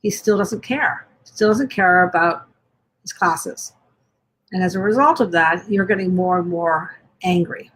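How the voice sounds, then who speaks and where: A woman giving a live-streamed talk to parents as a parenting coach. She speaks gently, asks many questions in a row, and often restarts and rephrases mid-sentence. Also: fairly low pitch, unhurried.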